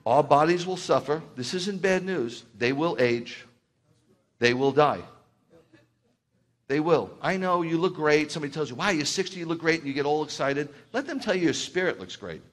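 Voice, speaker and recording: Fiery, higher-voiced male rabbi preaching. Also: moderate pace. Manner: conversational preaching, swings from quiet asides to loud excited outbursts. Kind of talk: sermon.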